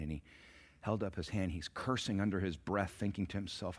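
A man preaching a sermon in a church, telling a story dramatically and swinging from hushed to loud. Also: sits low, fairly quick. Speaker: pastor. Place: church sanctuary.

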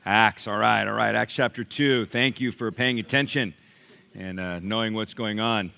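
A middle-aged male pastor preaching a sermon in a church, animated and conversational, quizzing the congregation. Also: fairly low pitch, normal speed, gravelly. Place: church sanctuary.

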